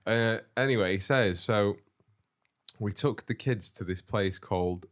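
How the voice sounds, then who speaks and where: Low-voiced man telling stories, sweary. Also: measured pace. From England. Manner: swears freely, acts out quotes with big pitch jumps. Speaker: podcast co-host. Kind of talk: casual chat.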